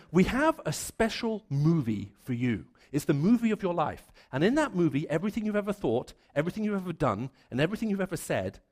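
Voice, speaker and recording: A man's voice: a little high, a little mellow. A man voicing an angel host who welcomes someone to a judgment theater in a big, announcer-like way.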